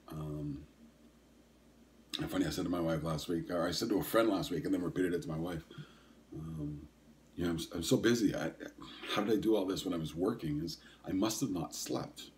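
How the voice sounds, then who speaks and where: A man's voice: low voice, darkish tone, a little hiss or hum. A man in his sixties hosting a podcast, chatting casually in a rambling, hesitant way with lots of ums and self-corrections. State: coughing and sniffling. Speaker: podcast host. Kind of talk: casual solo podcast chat.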